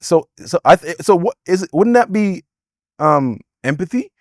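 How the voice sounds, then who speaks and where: A man's voice: sits high, lively intonation, moderate pace, no echo, studio quality. A man co-hosting a couples podcast in casual chat, cutting in and repeating himself to get a word in. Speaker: podcast co-host.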